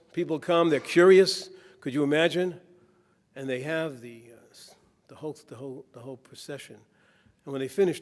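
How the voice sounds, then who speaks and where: A man stands before a conference audience, telling stories and jokes with a preacher's rhythm. His voice sits a little high for a man. The long reverb of the hall trails each phrase. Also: a little mellow. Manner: anecdotal, tells jokes with a preacher's cadence. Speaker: keynote speaker. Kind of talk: conference keynote speech.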